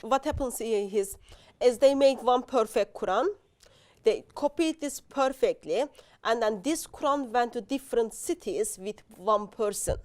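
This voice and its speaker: A woman guest explaining her view in a discussion, halting and restarting often. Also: fairly high pitch. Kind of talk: casual discussion.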